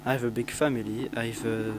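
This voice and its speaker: A teenage boy introduces himself to pen pals, halting with many restarts and fillers. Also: mid-range voice, level tone, noisy background. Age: teens. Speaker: student.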